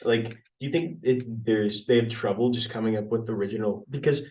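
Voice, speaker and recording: A man's voice: fairly low pitch, brisk, dark tone, recorded from a distance. A young man co-hosting a podcast, debating a movie in a rambling, blunt, profane way with lots of restarts. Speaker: podcast co-host.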